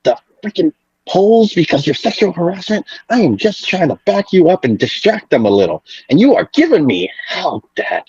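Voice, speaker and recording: An improv performer playing a defensive young son who keeps up a fake foreign accent, rambling and arguing. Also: male voice, high voice, sing-song, normal speed, darkish tone, breathy edge, no room sound, full character voice. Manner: argumentative, rambling. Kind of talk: live improv comedy. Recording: dull lo-fi sound.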